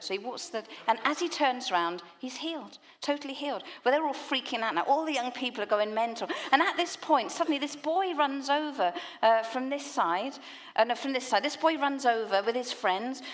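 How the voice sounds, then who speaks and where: A woman speaking at a church leaders' conference, telling a lively story in a sermon talk, laughing and using quick asides. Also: medium pitch. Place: conference hall.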